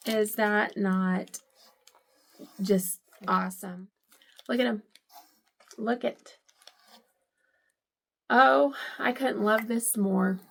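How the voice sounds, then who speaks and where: Slow, gravelly-voiced woman gushing over gifts. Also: medium pitch, fairly even intonation, a little hiss or hum. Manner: gushing, emotional, tearful at times. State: teary. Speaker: vlogger. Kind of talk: casual unboxing vlog.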